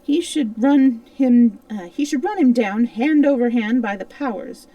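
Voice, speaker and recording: A woman reading aloud and voicing a gruff one-legged male pirate cook who talks in loud, excitable bursts. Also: on the high side, unhurried, no echo, far from the mic, dull audio, close to an everyday voice. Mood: excited.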